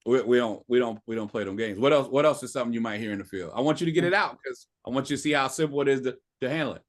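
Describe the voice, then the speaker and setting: In rapid-fire delivery and a medium-pitched voice, this middle-aged man coaches a sales training session over a video call. His motivational talk is emphatic, drilling the audience with call-and-response lines.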